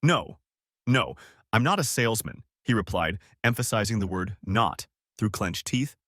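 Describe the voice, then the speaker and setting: A man's voice: fairly low pitch, animated, unhurried, a bit bright, dry recording, studio quality. A man voicing a touchy car dealership manager who speaks in a guarded, careful way. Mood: resentful. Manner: guarded, then harsh through clenched teeth.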